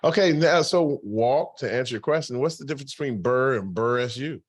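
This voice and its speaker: A man in his forties hosting a live podcast, talking in an animated, joking way and laughing often. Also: medium pitch, a little fast, slightly rough, no echo, studio quality. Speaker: podcast host and real estate investor.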